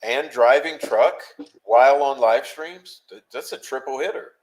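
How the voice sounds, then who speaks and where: A man hosting a live stream, chatting casually with quick joking asides. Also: medium pitch, rough recording. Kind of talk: casual chat.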